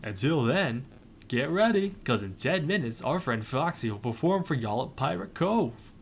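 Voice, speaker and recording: A man's voice: medium pitch, very animated, normal speed, vocal fry, a little hiss or hum. A man voicing a jolly male animatronic bear singer with a cheery put-on Southern drawl, while reading a fan story aloud.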